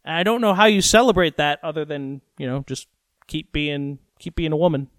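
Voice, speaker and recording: Male podcast host, slightly high voice, dry close sound, rambling and profane solo riff. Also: fairly quick, fairly bright tone, dry recording. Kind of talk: casual solo podcast monologue. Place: recorded at home late at night.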